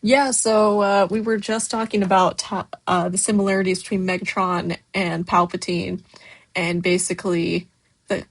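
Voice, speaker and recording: A woman hosting a casual livestream, reading chat messages aloud and answering them in a loose way, with many fillers. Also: on the low side. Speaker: stop-motion creator hosting a livestream.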